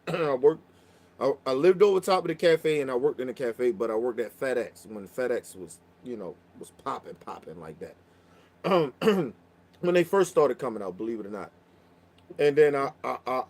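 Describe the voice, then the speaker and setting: A man's voice: medium pitch, darkish tone. A man telling a long story in casual chat, profane and rambling, often restarting his sentences. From Baltimore.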